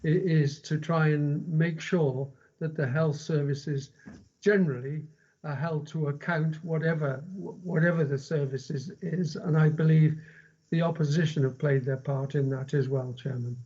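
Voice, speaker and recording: A fairly high-voiced man speaks as a councillor in a video meeting. He talks haltingly and restarts his words. The sound is muffled. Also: fairly even intonation, warm tone, breathy edge. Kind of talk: meeting remarks. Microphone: video call. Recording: dull lo-fi video call audio.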